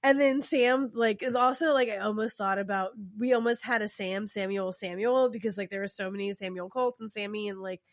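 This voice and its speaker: A woman's voice: mid-range voice, steady tone, a little fast, few pauses, no echo. Chatty middle-aged woman, dry close sound. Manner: chatty, rambling, lots of fillers. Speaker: podcast co-host. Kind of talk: casual chat recapping a TV episode.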